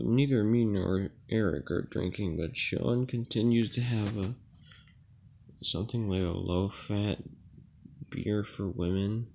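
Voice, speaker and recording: Young man, low and gravelly, tired rambling dream story with swearing. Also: darkish tone, a little hiss or hum. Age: young adult. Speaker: vlogger. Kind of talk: casual dream retelling.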